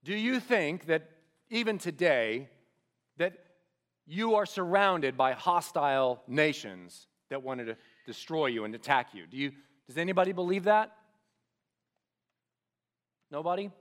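Male preacher, slightly high voice, very lively swings, quiet emphatic drops, questions to the room. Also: unhurried, pauses often. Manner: animated, drops to soft emphatic lines; asks the audience questions directly. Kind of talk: sermon.

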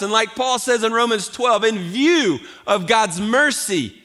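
A man's voice: high voice, unhurried, a bit bright. A man preaching a sermon as pastor, talking conversationally with rhetorical questions and repeated restarts.

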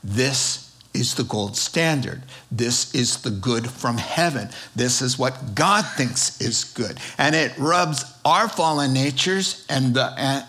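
A man's voice: mid-range voice, a bit bright. Man preaching a conversational sermon. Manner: conversational preaching with fillers and restarts. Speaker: pastor.

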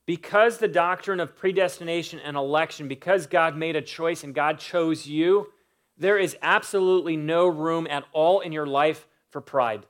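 Male pastor, sermon delivery, emphatic, somewhat high-pitched. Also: normal speed. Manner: emphatic preaching with lists and rising stresses.

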